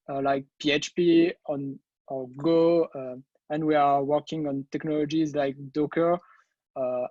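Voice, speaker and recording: A man with a French accent giving a technical webinar presentation, halting with many fillers. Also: fairly high pitch, mellow, dry recording, highs cut off. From France. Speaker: guest presenter, developer.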